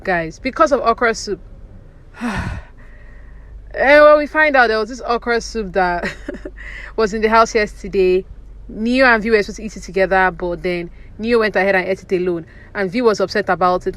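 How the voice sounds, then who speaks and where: A woman's voice: mid-range voice, a bit bright. Chatty woman recapping reality TV. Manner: chatty, opinionated, many fillers like "you know". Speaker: reality TV commentary vlogger. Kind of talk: casual recap commentary.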